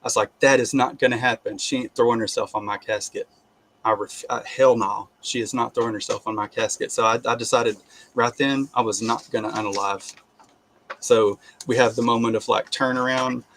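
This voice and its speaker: Man, mid-pitched, casual testimony, halting delivery with many restarts and animated bursts. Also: slight background noise. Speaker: guest sharing testimony.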